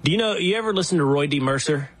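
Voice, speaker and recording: A man from a small town in Texas who hosts an interview, asking long, halting questions full of restarts. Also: fairly high pitch, animated. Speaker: interview host. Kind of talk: conversational interview.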